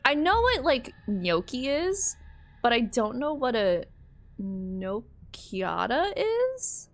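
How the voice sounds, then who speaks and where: A woman's voice: high-pitched, sing-song, unhurried. A woman streaming a game, reacting with laughter and swearing as she talks to chat. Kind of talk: casual game commentary.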